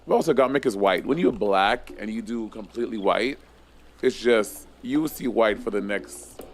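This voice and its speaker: Chatty man in his thirties, low voice. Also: normal speed. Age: 30s. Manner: chatty storyteller, swears freely. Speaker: co-host. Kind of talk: casual chat.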